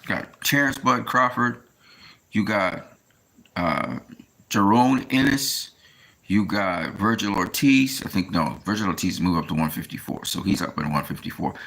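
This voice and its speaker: A man talking casually in a rambling monologue, often pausing with fillers as he tries to recall names. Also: sits low, animated, gravelly, a bit bright. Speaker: boxing commentator.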